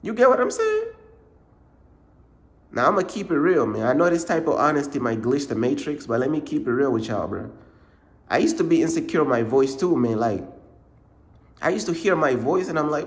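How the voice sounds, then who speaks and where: Slangy, emphatic man with a higher voice. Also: very animated, moderate pace, pauses often. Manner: repetitive, informal slang, says "bruh" a lot; emphatic, circles back to points. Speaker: ministry channel host. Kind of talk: casual motivational faith talk.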